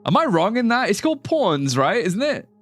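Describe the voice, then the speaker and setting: A man's voice: high voice, very animated, normal speed. A man live-streaming a game, chatting casually with his viewers in a rambling, joking way and laughing often. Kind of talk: casual live-stream chat over gameplay. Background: faint music.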